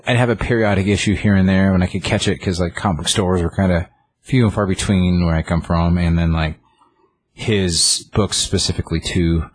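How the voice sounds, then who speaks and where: A man's voice: deep voice, steady tone, fairly quick, a little hiss or hum. A man chatting casually, retelling a comic book plot in a rambling way, full of fillers and acted-out lines. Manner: rambling, filler-heavy, acts out characters' lines.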